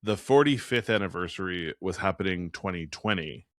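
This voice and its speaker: A man's voice: deep voice, lively intonation, moderate pace, no echo, clean studio sound. A man who grew up near Boston, co-hosting a podcast in casual chat, talking with plenty of fillers and laughing often. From New England, near Boston. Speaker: podcast co-host.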